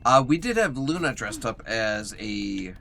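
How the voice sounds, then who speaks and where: A young man with a lowish, sing-song, creaky voice chats casually and unhurriedly while live-streaming a game, music playing behind him. He reads chat aloud and talks to himself as he plays, sounding tired and yawning now and then.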